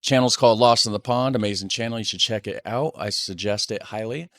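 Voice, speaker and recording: American man, casual reaction talk, relaxed, chatty, dry close-miked sound. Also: on the low side, a little fast, dry recording. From United States. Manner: relaxed, chatty, laughs often. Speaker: YouTube reactor.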